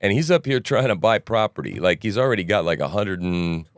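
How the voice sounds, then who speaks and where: Low-voiced man rambling through commentary. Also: lively intonation, brisk, no echo. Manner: rambling, frequent "right?" asides, joking. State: morning voice. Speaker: news commentary podcast host. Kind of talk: casual livestream commentary.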